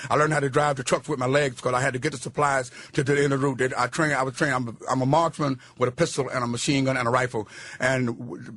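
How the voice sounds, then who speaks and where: Loud rough-voiced man in his 60s. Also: medium pitch. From United States. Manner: loud, rough, emphatic, preachy. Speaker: radio show guest, political candidate. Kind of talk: talk radio interview.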